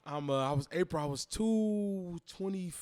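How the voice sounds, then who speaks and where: A man in his thirties, a podcast guest, telling a personal story in a casual, animated way and acting out the voices he quotes. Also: sits high, moderate pace. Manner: animated, acts out quoted voices, repeats phrases.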